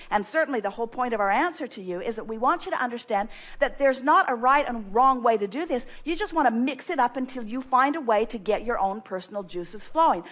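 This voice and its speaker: A woman's voice: a little high, a bit bright. Emphatic woman giving a seminar talk. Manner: emphatic, speaks of herself as "we"; acts out first-person affirmations with rising energy. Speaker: spiritual seminar speaker.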